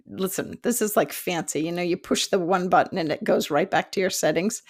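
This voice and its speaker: A woman in her fifties, a psychic development teacher, telling a story in an animated, self-mocking way and laughing often. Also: mid-range voice. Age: 50s. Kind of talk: storytelling monologue.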